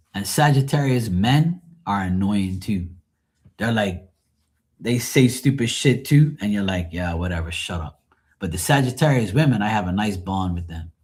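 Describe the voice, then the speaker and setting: A man's voice: fairly low pitch, animated, unhurried, darkish tone. A man hosting a live tarot stream, chatting casually with viewers in a blunt, profane, rambling way. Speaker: tarot reader and livestream host. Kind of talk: casual livestream chat with viewers.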